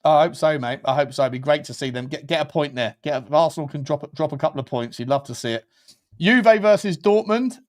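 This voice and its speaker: Chatty higher-pitched male co-host. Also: a little fast. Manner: rambling, chatty storyteller. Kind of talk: casual football chat.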